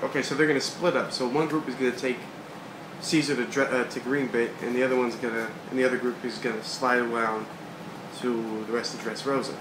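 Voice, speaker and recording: A man's voice: mid-range voice, flat delivery, fairly quick. Man casually reading a comic aloud. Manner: laughs often, swears casually. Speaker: comic read-along host. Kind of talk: casual manga read-along. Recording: echoey room with background noise.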